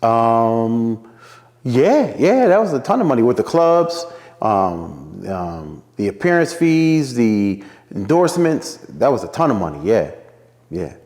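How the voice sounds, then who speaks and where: Animated storytelling man from Philadelphia. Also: medium pitch, slow pace, in a large hall. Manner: animated storyteller acting out quotes in a raised voice. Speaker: radio personality guest. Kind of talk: casual interview storytelling.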